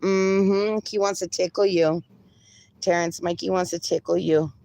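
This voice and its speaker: Slow, low-voiced woman reading live chat. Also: steady tone, gravelly, mellow. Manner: reads comments aloud and banters, laughs often. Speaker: livestreamer reading viewer chat. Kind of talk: casual live-stream chat.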